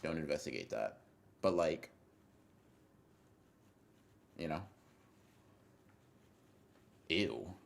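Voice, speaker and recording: A man's voice: extremely low pitch, lively intonation, drawn-out words, creaky, long pauses. A young man livestreaming, chatting casually with his viewers in a rambling, profane way that keeps interrupting itself as he reacts to chat.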